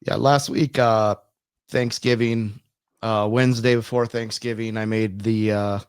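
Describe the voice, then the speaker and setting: A man's voice: on the low side, little pitch movement, unhurried, clear, resonant tone, dry recording, studio quality. A man in his early thirties, a comedian co-hosting a podcast, telling rambling self-deprecating stories and swearing freely. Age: early 30s. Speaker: podcast co-host and stand-up comedian. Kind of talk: casual podcast chat.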